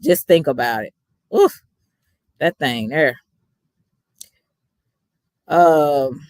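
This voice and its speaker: A woman's voice: deep voice, a little mellow, dry recording, clean studio sound. Sleepy, chatty Texas woman signing off. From Dallas, Texas. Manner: chatty, rambling, thanks viewers by name. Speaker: YouTube reaction streamer. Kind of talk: casual livestream sign-off.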